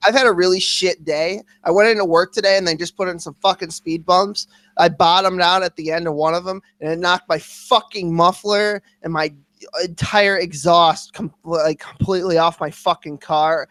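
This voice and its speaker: A man co-hosting a casual podcast livestream, venting and ranting with constant cursing at a quick, animated clip. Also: high voice, no room sound. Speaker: podcast co-host.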